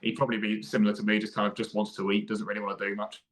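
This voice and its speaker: A young man co-hosting a casual podcast, relaxed and easygoing, bantering with laughs. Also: lowish voice, racing. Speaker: podcast co-host. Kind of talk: casual chat.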